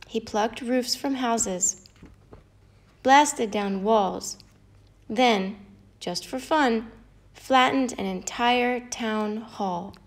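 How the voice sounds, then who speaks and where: A woman reads a children's fable aloud, slowly and expressively. Her voice sits a touch high and lilts with the story. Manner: expressive, lilting read-aloud. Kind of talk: storybook narration.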